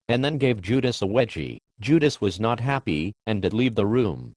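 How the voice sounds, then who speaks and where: A man narrating a crude comic parable in a deadpan, mock-biblical manner. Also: on the low side, moderate pace, few pauses, no room sound. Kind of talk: mock-scriptural comic storytelling.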